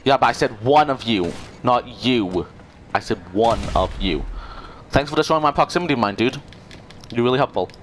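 A man's voice: medium pitch, expressive, moderate pace, a little hiss or hum. A young man trash-talking other players in online game voice chat, sarcastic, mocking and swearing. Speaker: gamer.

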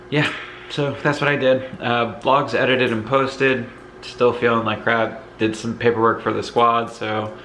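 Man, Northeastern US accent, congested lungs, tired casual vlog, rambling, camera drifting near and far, faint background noise. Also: medium pitch. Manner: tired, relaxed and rambling, with fillers. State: congested lungs, occasional coughing. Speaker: vlogger. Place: house, moving between rooms.

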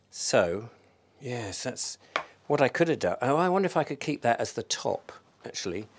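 Chatty self-mocking English man, low voice. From England. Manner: self-deprecating, chatty, thinking aloud. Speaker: vlogger. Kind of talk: casual cooking vlog. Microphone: microphone in a room.

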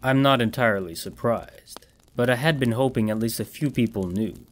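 A man voicing a stern, weary warrior with a deep, grave, commanding delivery. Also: moderate pace, slight background noise, close to an everyday voice.

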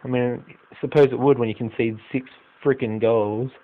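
An excitable young Australian gaming YouTuber does live commentary over a football manager game, his ordinary-pitched voice dropping into grumbling mutters before bursting into loud, swearing outcries. He speaks at a moderate pace, with phone-quality sound.

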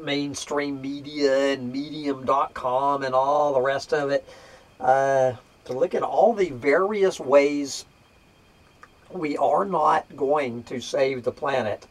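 A man's voice: mid-range voice, slow. A man hosting a casual rant video, drawling and hesitant at first, then swearing in frustrated outbursts at his computer. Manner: drawling, hesitant with many fillers. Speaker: vlog host.

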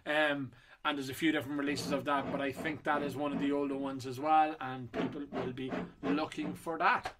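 A man's voice: mid-range voice, level tone, a little fast, noisy background. A middle-aged man hosting a whiskey auction preview, rambling casually with lots of fillers and restarts. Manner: rambling and chatty with many fillers.

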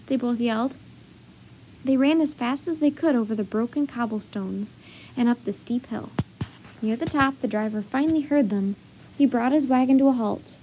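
A woman storyteller reading a children's chapter book aloud with steady, expressive narration. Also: a little high, normal speed, breathy edge.

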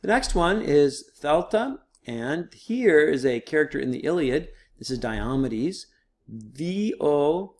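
A man's voice: fairly high pitch, lively intonation, a little slow, hardly any pauses. A man teaching a recorded online lesson, explaining step by step in a casual, patient way with frequent fillers.

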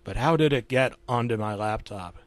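A man's voice: medium pitch, moderate pace, no room sound. Man narrating a creepy lost-episode tale. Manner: casual storytelling, dropping to a hush for gory parts.

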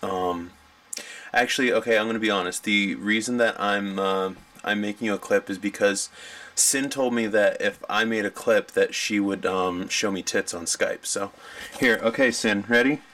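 A man's voice: on the low side, normal speed, a bit bright, far from the mic. A man leaving a casual, hesitant, joking birthday message.

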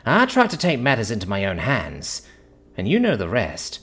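A man's voice: lowish voice, wildly swooping pitch, moderate pace, fairly bright tone, slightly rough, soft background music, full character voice. A man voicing a shaken young human man who talks with a strained, shaky voice. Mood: weary.

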